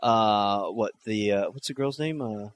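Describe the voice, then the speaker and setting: A man in casual podcast chat, hesitant and halting, often searching for words. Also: on the low side.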